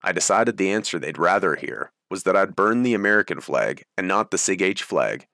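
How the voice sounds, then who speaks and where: A man narrating a first-person memoir audiobook in a steady, even reading voice. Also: deep voice, a little fast, vocal fry, no echo, studio quality.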